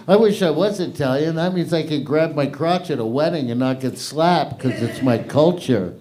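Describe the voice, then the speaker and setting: A man's voice: on the high side, lively intonation, mellow. A middle-aged man from Hamilton, Canada, hosting an open mic with brash, profane stand-up on a club stage. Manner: brash, profane, quick asides to the crowd. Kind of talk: stand-up comedy. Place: comedy club stage with audience.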